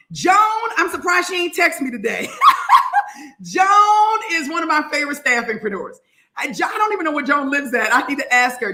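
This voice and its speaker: Bubbly, high-pitched woman host, crisp bright tone, shouting praise in a roomy echo. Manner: exuberant, shouting and laughing cheers. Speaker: staffing business coach hosting a live Q&A. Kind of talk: high-energy live call shout-outs.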